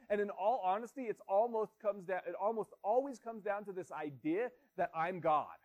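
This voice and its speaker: High-voiced pastor preaching earnestly. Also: male voice, brisk, hardly any pauses. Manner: earnest, conversational preaching with rhetorical questions. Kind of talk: sermon.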